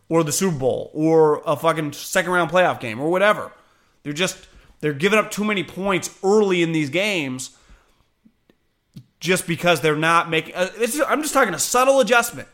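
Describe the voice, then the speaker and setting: A man in his thirties from Northern California, a former pro defensive lineman hosting casual sports talk, animated and blunt with frequent swearing. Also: on the high side.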